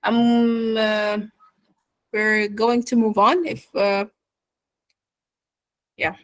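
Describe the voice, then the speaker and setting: Woman teacher, native Arabic speaker, higher-pitched voice, dry close sound, keeps asking "yeah? okay?". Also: little pitch movement, drawn-out words, no room sound, rough recording. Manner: checks in often with "yeah?" and "okay?"; switches to Arabic to explain. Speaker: accent teacher. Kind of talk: online class lecture.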